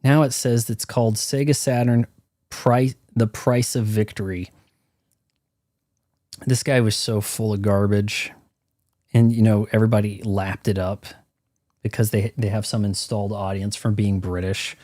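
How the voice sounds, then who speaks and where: Ranting man with a mellow voice. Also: fairly low pitch, level tone, measured pace, no room sound, studio quality. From United States. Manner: ranting, profane, opinionated. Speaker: streamer. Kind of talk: live gameplay commentary.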